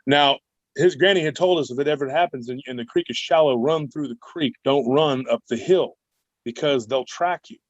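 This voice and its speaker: A man telling a long personal story as a guest in an interview, animated and rambling. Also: mid-range voice, normal speed, no echo. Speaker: guest cryptid researcher. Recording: dull dry remote recording.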